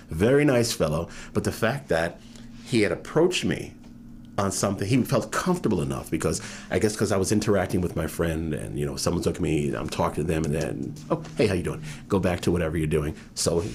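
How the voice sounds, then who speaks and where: A man in his fifties from New York, telling stories from his life in an oral history interview and acting out the voices of people he quotes. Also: sits low. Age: 50s. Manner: animated, acts out quoted voices.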